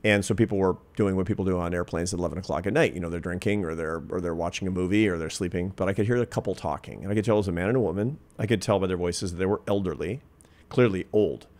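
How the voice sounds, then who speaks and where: Deep-voiced guy in his 50s telling a story on an interview, earnest and animated. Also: fast. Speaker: interview guest, social scientist. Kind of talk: reflective storytelling in conversation.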